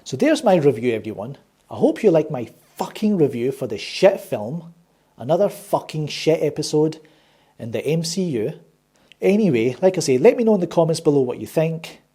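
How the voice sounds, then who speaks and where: A sarcastic man rants his way through a film review, swearing freely. His voice sits a bit high for a man, with a husky, breathy grain and a warm, mellow tone. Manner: sarcastic, swears a lot, exasperated. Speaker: movie reviewer and channel host. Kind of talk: ranting casual review.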